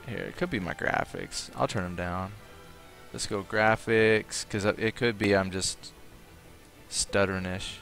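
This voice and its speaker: A man's voice: lowish voice, a little slow, vocal fry, fairly bright tone, faint music behind. A man streaming a game live, chatting casually, thinking aloud and reading out viewers' comments. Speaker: livestream gamer.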